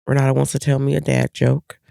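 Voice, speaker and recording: A woman's voice: a bass voice, a little fast, gravelly, no echo, clean studio sound. A middle-aged woman co-hosting a casual chat, telling family stories and acting out her kids' lines. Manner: animated storytelling, acting out family members' lines. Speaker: co-host.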